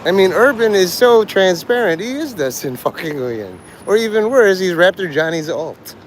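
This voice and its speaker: Man, higher voice, crude provocative joking, outdoor street livestream, faint traffic noise. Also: very animated, moderate pace, low-quality recording.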